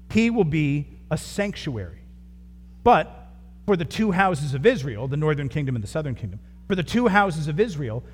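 A male pastor delivering a sermon, earnest and building his points in short repeated phrases. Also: on the high side. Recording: long hall reverb, faint noise.

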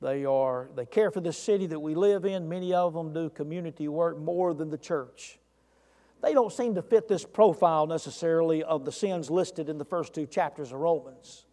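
A man's voice: on the high side, moderate pace, warm tone, big-room sound. A man preaching a sermon as pastor of a church, talking earnestly and putting direct questions to the congregation.

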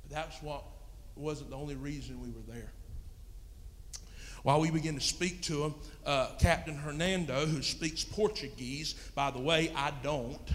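A man's voice: on the high side, normal speed, a bit bright, a little hiss or hum. A man preaching a sermon, telling a story in a folksy, plain-spoken way. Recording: long reverb in a hall.

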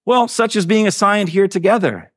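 A serene, devout woman prisoner, eager and gently insistent, as a male preacher reads her lines in a raised voice. The sound is dry and close, with no room around it. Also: sits high, slow, no echo, voice pushed up. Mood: grateful.

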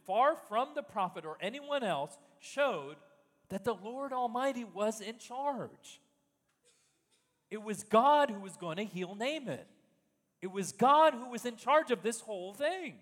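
A man's voice: sits high, fairly bright tone, in a large hall. A man preaching a sermon in an emphatic style, full of rhetorical questions. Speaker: pastor.

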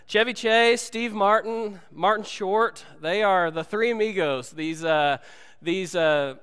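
A man preaching a sermon, telling stories in an animated way and acting out movie lines for his congregation. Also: sits high, clean tone, long reverb tail. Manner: animated storytelling, acts out movie dialogue. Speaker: pastor. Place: church sanctuary.

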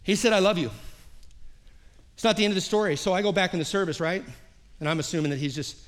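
At a church service, a pastor with a high-pitched, rapid-fire voice preaches a sermon. He tells a personal story, acts out the quoted dialogue, and often repeats his phrases.

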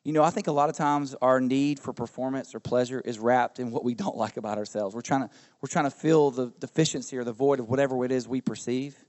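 A middle-aged man, a pastor preaching a sermon in a relaxed, conversational way, often asking the congregation questions. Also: mid-range voice, fast talker. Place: church service.

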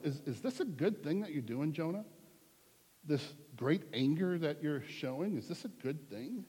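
Husky-voiced male pastor preaching in a hall. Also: a little high, expressive, moderate pace, dark tone. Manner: conversational and earnest, repeats for emphasis. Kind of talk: sermon. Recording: long hall reverb.

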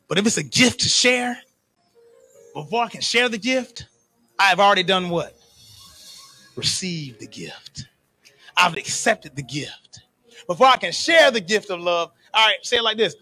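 A man preaching a sermon to his church, swinging from soft, slow lines to shouted, sing-song peaks. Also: high-pitched, dry recording. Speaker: pastor.

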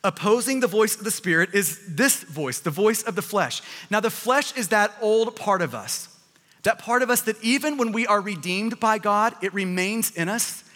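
A man preaching a sermon, animated, often repeating words as he presses a point. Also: sits high, normal speed, long reverb tail. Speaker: pastor.

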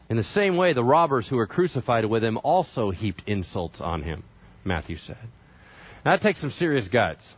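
A man preaching a sermon, retelling scripture with animated storytelling and conversational asides. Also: medium pitch, moderate pace, slightly rough, no echo. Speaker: pastor. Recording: dry, slightly dull sound.

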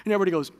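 A man preaching a sermon in a conversational, animated way, with fillers and restarts. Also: big-room sound. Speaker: pastor.

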